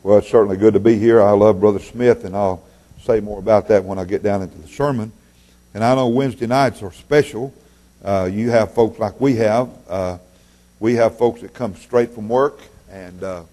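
Folksy guest preacher. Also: male voice, lowish voice, dark tone. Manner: folksy storyteller, joking asides. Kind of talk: folksy sermon with jokes.

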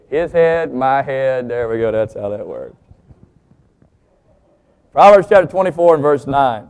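A man preaching a sermon, joking with the congregation, slowing down and stressing key words as he teaches. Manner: lively, joking, pitch swings for emphasis. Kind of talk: sermon with jokes.

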